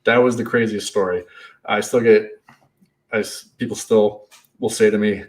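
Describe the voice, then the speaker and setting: A man who runs a party rental business, telling stories in a casual, animated way and acting out the shouting in them. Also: on the low side, moderate pace, distant mic. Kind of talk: casual storytelling.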